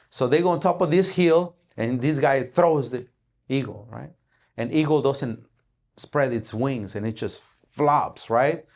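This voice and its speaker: A man giving a motivational talk, telling a parable in animated storytelling style, acting out the dialogue and often tagging lines with "right?". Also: mid-range voice, a little slow. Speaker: speaker at an investing event.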